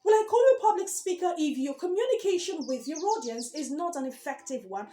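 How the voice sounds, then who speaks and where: A woman's voice: high voice, expressive, fairly quick, dark tone, echoey room, slight background noise. A woman giving a speech coaching lesson to camera, emphatic, repeating key words and asking rhetorical questions.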